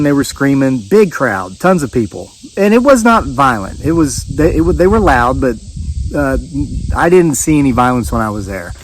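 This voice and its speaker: A man's voice: mid-range voice, a little hiss or hum, poor audio. An older man telling a story to camera outdoors, in a rambling, folksy way with many fillers and restarts, sweating in the heat. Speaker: vlogger. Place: outdoors on a rural homestead.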